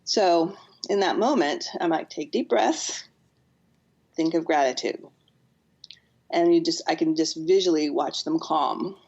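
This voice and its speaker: A woman's voice: sits low, measured pace, pauses often, darkish tone, lo-fi sound. A woman guest on a podcast, a counselor and author, explaining in an earnest way and sometimes acting out what people say. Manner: earnest, explanatory, acts out quotes. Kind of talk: podcast interview.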